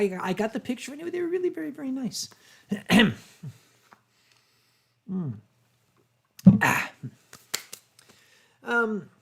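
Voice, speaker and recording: An older American man hosting a livestream, answering viewer chat in a rambling way with deadpan humor. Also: extremely high pitch. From United States. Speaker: livestream host.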